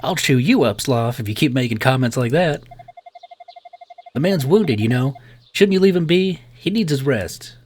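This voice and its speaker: A man's voice: mid-range voice, animated, moderate pace, darkish tone, slight background noise, close to an everyday voice. A man voicing a stern middle-aged woman nurse with a Southern accent, scolding a young man.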